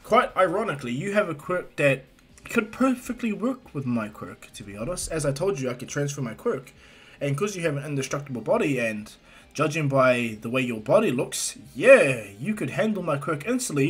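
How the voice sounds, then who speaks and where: A kindly, proud hero mentor speaking heartily to a young student, as a male narrator puts him on. The voice is slightly husky and lively in pitch. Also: fairly quick. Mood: hearty.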